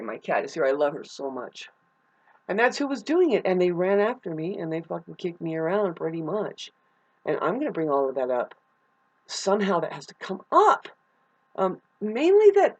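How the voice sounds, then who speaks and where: A woman's voice: mid-range voice, darkish tone, muffled recording. A middle-aged woman venting at home in a rambling, agitated personal monologue, swearing often. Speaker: vlogger.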